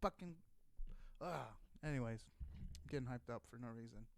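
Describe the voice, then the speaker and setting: A man's voice: medium pitch, moderate pace, creaky, no room sound. A man in his thirties, a former Marine, telling a casual, profane story and acting out heated quotes. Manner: swears constantly, acts out shouted quotes.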